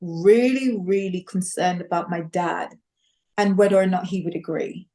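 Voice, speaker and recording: A woman's voice: on the low side, moderate pace. A woman sharing her personal testimony in conversation, telling it animatedly and acting out the voices of the people in it. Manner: animated storytelling with acted quotes and laughs.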